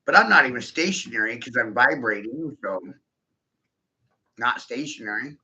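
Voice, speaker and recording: A man's voice: mid-range voice, expressive, moderate pace, bright, forceful tone. A man in a rambling, profane stream-of-consciousness monologue, giggling often and putting questions straight to the listener. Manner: profane, giggly, keeps breaking into laughter; rhetorical, addresses the listener directly. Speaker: vlogger. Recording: dull lo-fi recording.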